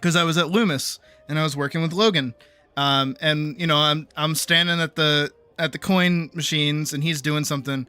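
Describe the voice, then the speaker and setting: A woman streamer telling a story in casual chat, animated, laughing often and swearing freely. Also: moderate pace, clear, resonant tone. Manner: quotes people in big high-pitched voices.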